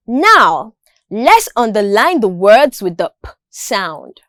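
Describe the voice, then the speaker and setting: Brief: woman, teacher, slow deliberate drills, bright lively pitch, dry close mic. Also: no room sound. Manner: slow, carefully enunciated drills. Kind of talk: school lesson narration.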